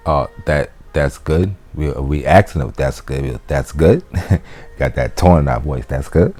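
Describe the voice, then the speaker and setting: A man's voice: a bass voice, a little slow, darkish tone. A man teaching a casual language lesson, explaining loosely with fillers and restarts. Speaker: Latin teacher.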